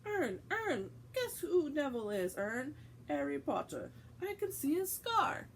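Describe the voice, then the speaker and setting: A woman's voice: on the high side, lively intonation, moderate pace, darkish tone, a little hiss or hum, poor audio. Stan Shunpike, woman voicing a brash young conductor. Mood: excited. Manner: brash, chattering sales patter. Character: cheeky young male wizard bus conductor.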